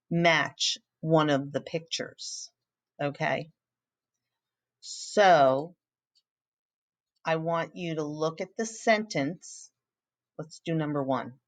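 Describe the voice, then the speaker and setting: A woman with a low voice teaching a recorded phonics lesson. She speaks slowly and patiently, and she often pauses to encourage her pupils.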